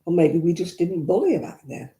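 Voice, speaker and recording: Older woman, Northern English accent, chatty and blunt, very mellow deep tone, roomy echo. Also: sing-song, moderate pace. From Northern England. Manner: chatty, reminiscing, blunt asides. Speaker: vlogger host. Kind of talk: casual chat answering viewer comments. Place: indoors at home. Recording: echoey room.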